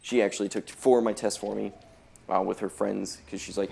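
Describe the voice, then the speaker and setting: Young man with a gravelly low voice. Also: level tone, a little fast, slight background noise. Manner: rambling, laid-back, heavy on filler words. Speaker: gameplay commentator. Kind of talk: casual chat over gameplay. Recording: loud gunfire from game audio behind voice.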